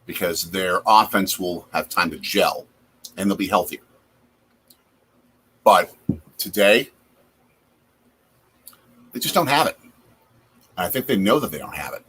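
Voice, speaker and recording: A man's voice: sits low, lively intonation, measured pace, long pauses, fairly bright tone, slight background noise. A man from Wisconsin hosting a casual live chat over a football game from his home basement, reacting aloud to plays. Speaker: host.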